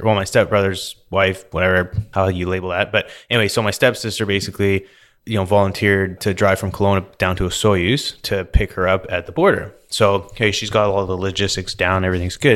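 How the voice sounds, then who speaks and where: A man co-hosting a podcast, retelling a story in a casual, animated way full of "like"s. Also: on the low side. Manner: animated, filler-heavy retelling with many "like"s. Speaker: podcast co-host.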